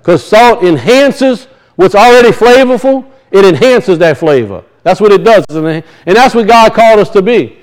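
A man's voice: sits high, expressive, normal speed, few pauses, rough recording. A middle-aged man preaching a sermon, firing rhetorical questions at his congregation. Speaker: pastor.

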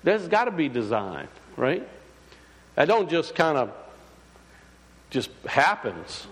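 A man's voice: a little high, big pitch swings, slow, fairly bright tone. A man preaching to a congregation in a loose, conversational way, full of fillers and restarts, often asking his listeners questions. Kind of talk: sermon. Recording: long hall reverb.

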